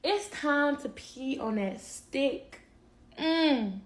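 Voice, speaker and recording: A woman's voice: high-pitched, animated, drawn-out words. A woman telling a personal story casually to a live-stream audience, chatty and direct. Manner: chatty, addresses listeners as y'all, quotes others.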